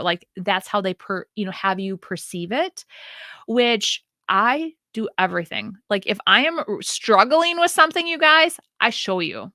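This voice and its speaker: Midwestern woman podcast host, Wisconsin accent, sing-songy chatty delivery, bright tone. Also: medium pitch, no room sound, studio quality. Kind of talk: casual solo podcast monologue.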